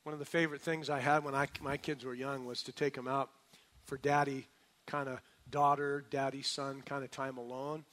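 An older man preaching a sermon, earnest, moving from loud exhortation to soft, personal storytelling. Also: mid-range voice, little pitch movement, moderate pace. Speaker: pastor.

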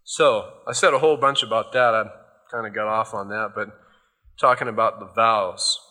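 Man preaching a sermon, super bright clear voice, chatty and storytelling. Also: on the low side, fairly even intonation, moderate pace. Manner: conversational storytelling with lots of "you know". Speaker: pastor.

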